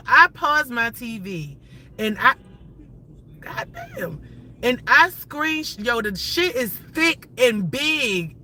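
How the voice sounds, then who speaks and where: Bright-voiced woman ranting profanely. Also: sits high, poor audio. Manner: animated, profane, rambling and excitable. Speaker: livestream host. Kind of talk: casual ranting livestream.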